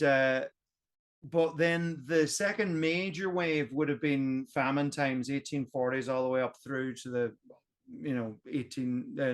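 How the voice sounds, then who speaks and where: A man on a roundtable podcast, explaining history at length in a casual way, with lots of "um" and restarts. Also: mid-range voice. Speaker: podcast co-host.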